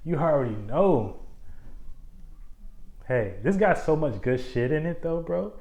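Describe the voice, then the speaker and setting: A man's voice: on the high side, lively intonation, a little slow, darkish tone, echoey room. A man who calls himself a spiritual coach, talking loosely on a livestream. His speech is slangy, profane and repetitive, and he is slightly tipsy. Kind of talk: casual livestream talk. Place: room, live stream.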